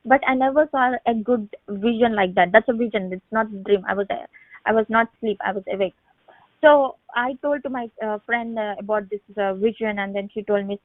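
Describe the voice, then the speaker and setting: Woman, around thirty, faith testimony, halting restarts, slightly high voice, phone-line sound. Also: dry recording. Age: late 20s to 30. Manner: halting, repetitive, many restarts and fillers. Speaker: testimony speaker on a prayer line. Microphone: phone call. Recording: tinny phone line, dry.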